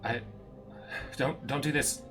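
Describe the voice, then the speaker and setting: A man's voice: mid-range voice, steady tone, a little slow, over music, pitched above the performer's own voice, lightly acted. A man voicing a terrified young woman thief who stammers and pleads for mercy.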